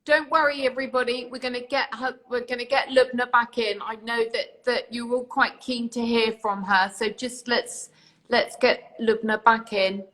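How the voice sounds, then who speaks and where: British woman, live online host, reassuring and chatty, fairly high voice. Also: level tone, normal speed, fairly bright tone. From UK, near London. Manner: reassuring, chatty, thanks viewers by name. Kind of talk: live online interview chat.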